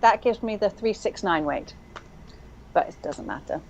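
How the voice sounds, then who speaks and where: A woman's voice: mid-range voice, very animated, normal speed, gravelly, muffled recording, slight background noise. A woman co-hosting a game stream in casual chat, thinking aloud with lots of fillers. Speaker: stream co-host. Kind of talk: casual chat while playing online mahjong.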